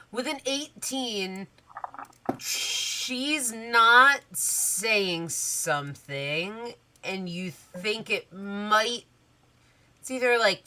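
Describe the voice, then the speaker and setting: A woman narrating as game master of a tabletop game, unhurried, with many fillers. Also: medium pitch, sharp tone.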